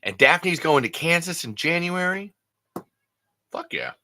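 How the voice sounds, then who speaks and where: Rambling, bright-voiced podcast host, a man. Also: fairly high pitch, sing-song, unhurried, a little hiss or hum. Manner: rambling, affectionate, swears, restarts. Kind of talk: casual chat reading comments.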